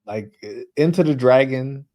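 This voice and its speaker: A man's voice: mid-range voice, normal speed, warm tone. A man from New York co-hosting a casual movie talk show, rambling with many restarts and filler words. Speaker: co-host. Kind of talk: casual chat.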